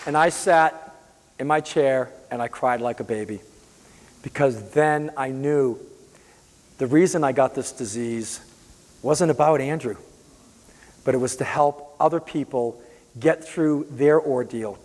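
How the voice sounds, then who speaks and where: A man's voice: medium pitch, a little mellow. Earnest man telling his story, reverberant. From Boston area. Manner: earnest, halting, many restarts. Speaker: patient advocate. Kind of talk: personal storytelling.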